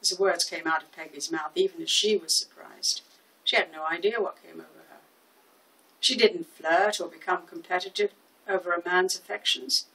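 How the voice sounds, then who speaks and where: Older actress reading a short story. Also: female voice, on the low side, far from the mic, poor audio. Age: 70s. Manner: measured, expressive storytelling. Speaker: narrator. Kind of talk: audiobook reading.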